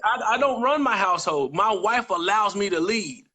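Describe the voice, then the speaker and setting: A man's voice: high-pitched, animated, moderate pace, pushed and bright, husky. A man co-hosting a live-streamed motivational chat, speaking earnestly and repeating his key phrases for emphasis. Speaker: guest co-host.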